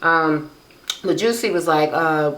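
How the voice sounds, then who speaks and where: A woman's voice: low-pitched, measured pace, fairly bright tone. Sassy, profane woman recapping reality TV. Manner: profane, sassy, mocking commentary. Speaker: YouTube reality-show recapper. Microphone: camera microphone. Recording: roomy, echoey room.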